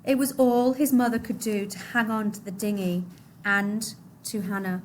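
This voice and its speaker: A woman reading a novel aloud to a class, expressive, her voice dropping low and soft at the sad moments. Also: normal speed, a little hiss or hum.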